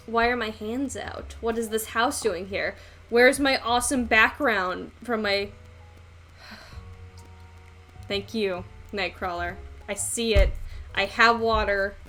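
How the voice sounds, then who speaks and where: Young woman, streamer, rambling casual chat, lots of ums, a bit high-pitched. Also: a bit bright. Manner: chatty and rambling, with frequent ums and self-conscious laughs. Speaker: live streamer.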